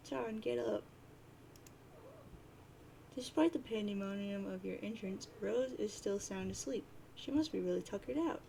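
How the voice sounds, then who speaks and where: Gravelly woman reading a webcomic aloud. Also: medium pitch, a little slow, pauses often, warm tone, a little hiss or hum, rough recording. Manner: chatty, jokey asides. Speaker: reader of a webcomic.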